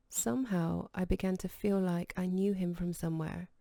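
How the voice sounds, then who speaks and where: A woman narrates an audiobook in a calm, measured voice that sits low and mellow, with a gravelly texture. The sound is close and dry, with no room around it. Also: no echo. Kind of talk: scripted narration.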